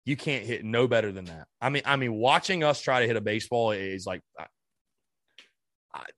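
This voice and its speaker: A male podcast host goes on a furious sports fan rant, cursing and stumbling over restarts while his pitch leaps from sharp, high outbursts to low grumbling. He talks fairly quickly and his voice is very lively in pitch. The recording is close and dry, with no echo or room sound.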